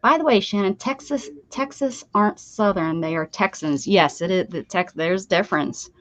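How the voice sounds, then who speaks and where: A woman's voice: medium pitch, moderate pace, no echo. A woman hosting a casual craft livestream, chatting and rambling with friends as she works, laughing often. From Pennsylvania. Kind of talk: casual chat while crafting. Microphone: desk setup with downward-pointed camera. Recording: slightly dull dry sound.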